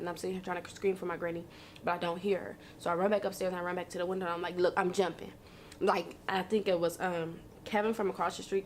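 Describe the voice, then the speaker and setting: Fast-talking young woman recounting a story. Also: on the low side, a little hiss or hum. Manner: rushed, vivid retelling with repeated phrases. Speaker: interviewee. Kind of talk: emotional storytelling.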